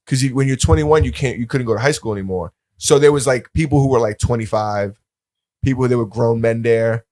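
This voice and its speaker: A man's voice: medium pitch, fairly quick, a little mellow, dry recording. A young man co-hosting a podcast in casual banter, rambling and laid-back with lots of fillers. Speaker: podcast co-host.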